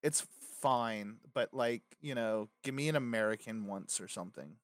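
A man co-hosting a casual gaming podcast, animated and rambling, swearing freely with lots of fillers. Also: lowish voice, normal speed, dry recording. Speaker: podcast co-host.

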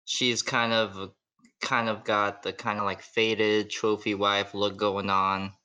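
A man's voice: on the low side, little pitch movement, slow pace, pushed and bright, clean tone. A man narrating a tabletop role-playing game as its game master, loose and casual with lots of fillers.

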